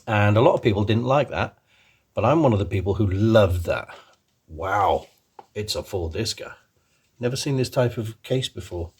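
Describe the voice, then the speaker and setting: Husky low-voiced man rambling on camera. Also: expressive, normal speed, darkish tone. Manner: rambling and enthusiastic, many ums and restarts. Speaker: channel host. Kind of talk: casual chat.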